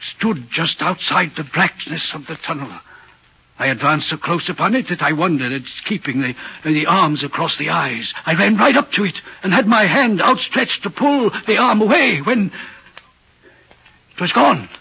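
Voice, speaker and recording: A haunted, husky railway signalman. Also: a little high, expressive, sharp tone, full character voice. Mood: uneasy. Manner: earnest, troubled, deliberate storytelling. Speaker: signalman in a radio play. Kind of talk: vintage radio drama acting. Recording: muffled old radio recording.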